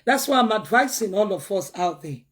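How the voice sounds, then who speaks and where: A woman's voice: mid-range voice, lively intonation, a little fast, slightly rough. A woman speaks in earnest talk-show commentary. She pleads and preaches, leaning on repeated words to drive each point home. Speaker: commentator giving advice.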